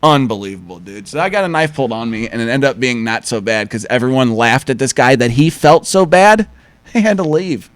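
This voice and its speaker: A man's voice: medium pitch, fairly quick, no echo. Profane storytelling man, dry sound. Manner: profane, animated, acts out quotes in shifting voices. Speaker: podcast co-host. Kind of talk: casual storytelling chat.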